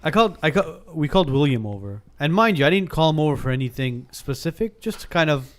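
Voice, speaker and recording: A man in his thirties tells a ghost story during a casual podcast chat, his voice a little high and fast. He's animated, acting out the dialogue and frequently restarting his sentences.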